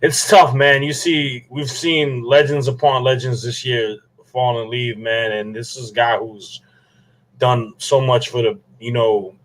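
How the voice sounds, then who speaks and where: Chill guy co-hosting a podcast, mid-pitched voice, super casual. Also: steady tone, a little slow, a bit bright, rough recording. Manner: laid-back, keeps saying "man". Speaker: podcast co-host. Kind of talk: casual chat.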